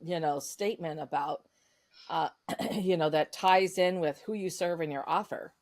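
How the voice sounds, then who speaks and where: A woman's voice: sits low, moderate pace, a little mellow. A woman hosting a podcast, speaking thoughtfully and searching for her words. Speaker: podcast host. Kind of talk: podcast conversation.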